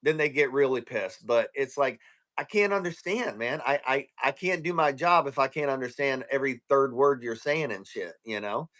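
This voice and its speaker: A man's voice: mid-range voice, moderate pace, fairly bright tone. A man telling a profane, ranting story in casual chat on a live stream.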